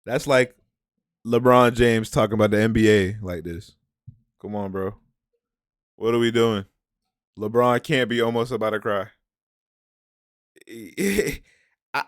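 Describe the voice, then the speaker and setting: Casual male reaction host, lowish pitch, slangy and relaxed. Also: no room sound, studio quality. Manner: laid-back, slangy, says "bro" a lot.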